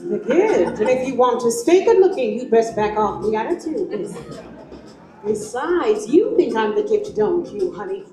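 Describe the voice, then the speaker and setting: A woman performing a sassy, flirty troupe member in a high, lively voice, teasing and coaxing the crowd. She is amplified on an outdoor stage with echo and music behind. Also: moderate pace, natural voice. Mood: playful. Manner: teasing, playful crowd-work. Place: outdoor theme park stage through loudspeakers. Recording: echoey amplified live stage sound.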